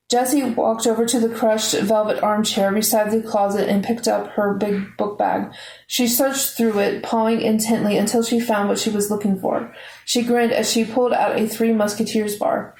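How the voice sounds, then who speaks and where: A woman reading a novel aloud in a steady, measured way. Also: mid-range voice, roomy sound, low-quality recording. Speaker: audiobook reader.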